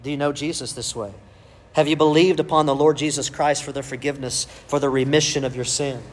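A pastor delivers an emphatic sermon. His voice sits a bit high for a man, and he presses his points with rhetorical questions and calls of amen. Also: steady tone, brisk.

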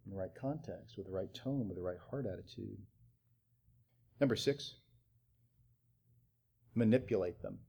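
A young adult man preaching a sermon on parenting, animated and punctuated with mocking acted-out quotes of parents. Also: fairly low pitch, measured pace, gravelly, long pauses, husky. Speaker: pastor.

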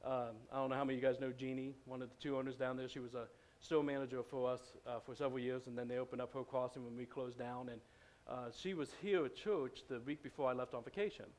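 A man's voice: mid-range voice, steady tone, quick pace, few pauses, darkish tone. A man preaching in a church, telling a story in a loose, conversational way, with many fillers and restarts. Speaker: pastor. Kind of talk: storytelling sermon.

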